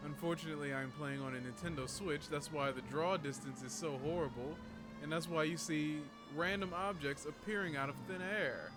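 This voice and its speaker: A man's voice: on the high side, moderate pace, music in the background. A man streaming a video game and chatting casually, joking and laughing often. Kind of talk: casual livestream commentary.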